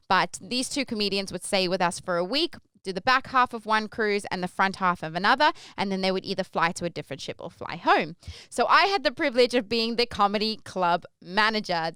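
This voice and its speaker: A young Australian woman talks through a story at her own pace, rambling a little and full of asides. Her voice is very smooth and resonant, with no room sound around it. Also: medium pitch, no room sound. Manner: chatty, rambling, lively when acting out her stage intros. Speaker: podcast host. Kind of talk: casual storytelling.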